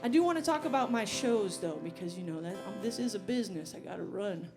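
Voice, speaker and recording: A woman's voice: medium pitch, expressive, quick pace, music in the background. A woman singer and bandleader talking to the crowd between songs, chatty and rambling, on an outdoor festival stage.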